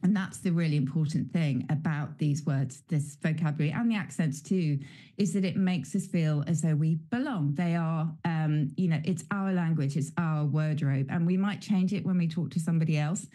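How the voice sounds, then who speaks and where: A woman's voice: sits low, moderate pace, warm tone. A woman guest in a studio interview, talking in a chatty way with many fillers. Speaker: dialect guest.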